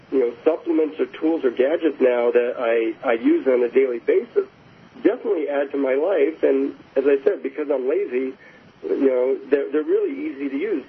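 A man's voice: mid-range voice, breathy edge. Man guest on a tinny phone line. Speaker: guest author. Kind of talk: casual interview talk. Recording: phone-like line with faint hiss.

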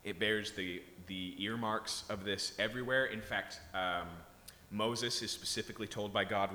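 Bright-voiced male preacher in an echoey hall. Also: fairly low pitch, moderate pace, slight background noise. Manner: conversational, often checks in with "okay?". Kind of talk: sermon.

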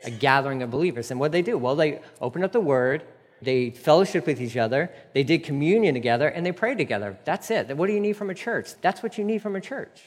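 A man's voice: fairly high pitch, expressive, fast talker. A man preaching a conversational, emphatic sermon as a church pastor, with casual asides to the congregation. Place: church sanctuary. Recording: long reverb of a church hall.

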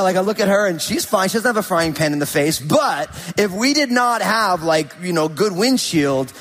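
Man, pastor, lively storytelling sermon, slightly husky, bit high, long hall reverb. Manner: animated, acts out the people in his story.

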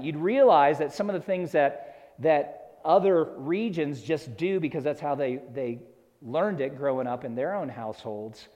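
A man's voice: on the high side, a little mellow. A man from the American South preaching an expository sermon, earnest and explanatory, rising to emphatic peaks. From Southern United States. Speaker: pastor. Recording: long hall reverb.

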